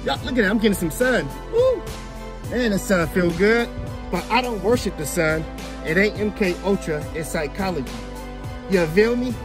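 A man reacts to a clip in casual, animated commentary. He laughs often and talks straight to his viewers. Faint music plays underneath. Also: high-pitched, moderate pace. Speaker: reaction video host. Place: outdoors in the sun.

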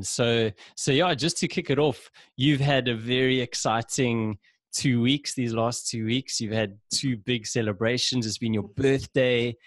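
A man's voice: medium pitch, no room sound, studio quality. A South African man hosting a podcast over a video call, laid-back and chatty, laughing often. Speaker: podcast host. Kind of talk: casual video-call interview.

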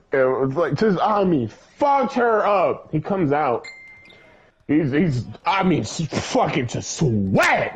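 A young man telling a story in casual chat, profane and rambling, with an animated way of retelling. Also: on the high side, slightly rough. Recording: dull lo-fi recording.

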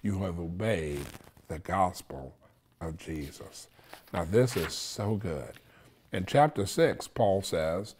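A man's voice: low voice, animated, a little slow, darkish tone, slightly rough. A man preaching a sermon, teaching in short repeated phrases and checking in with "okay?". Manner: repetitive, insistent teaching with frequent "okay?" check-ins.

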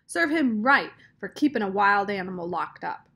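A woman's voice: medium pitch, lively intonation, normal speed, vocal fry, bright, forceful tone, breathy edge, full character voice. A woman voicing a plainspoken older woman who talks in folksy dialect and sets others straight firmly. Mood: fired up. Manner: folksy dialect, firm and matter-of-fact.

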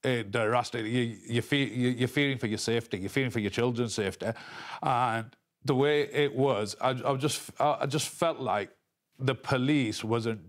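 Halting man in a news interview. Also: mid-range voice. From England. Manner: halting, repeats words and restarts often.

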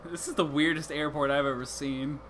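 A man's voice: a little high, fairly even intonation, fairly quick, fairly bright tone, slight background noise. A man giving casual, joking let's-play commentary, swearing often and restarting his sentences. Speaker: gamer playing through a game.

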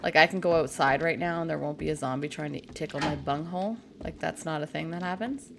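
A woman's voice: low-pitched, brisk, creaky, background noise. A woman from Canada chatting casually and making crude jokes while playing a game on a live stream.

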